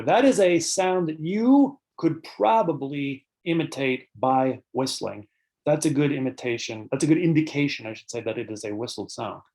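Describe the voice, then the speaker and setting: At an online conference, a birding author and presenter gives a talk on bird sounds, defining terms, using frequent fillers and pausing to answer questions from the audience. He has a fairly high, darkish voice.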